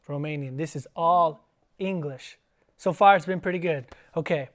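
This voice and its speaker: A man who teaches and hosts a casual school podcast, talking in a playful, chatty way. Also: on the high side. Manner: playful, chatty, sounds out words slowly. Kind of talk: casual interview.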